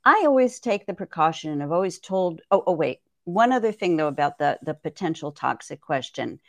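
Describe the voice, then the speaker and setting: A woman with a lowish voice talks as a guest on a podcast, laying out her herbal knowledge step by step. She is thoughtful and conversational, tagging her points with "right?". The sound is dry and close. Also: animated, brisk, no room sound. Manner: thoughtful, explanatory, frequent "right?".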